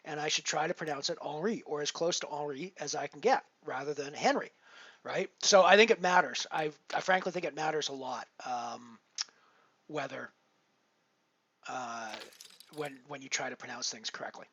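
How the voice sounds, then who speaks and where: A man's voice: a little high, moderate pace, fairly bright tone, slightly rough, no room sound, lo-fi sound. A man casually chatting to his viewers while he plays online poker, rambling with lots of fillers and restarts. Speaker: poker streamer. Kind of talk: casual live-stream commentary.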